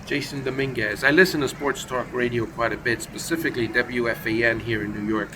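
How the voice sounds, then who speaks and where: A man's voice: medium pitch, fairly even intonation, fairly quick, background noise. A man calling play-by-play for a simulated baseball game on his own, casual and chatty, with asides and self-corrections. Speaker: play-by-play commentator.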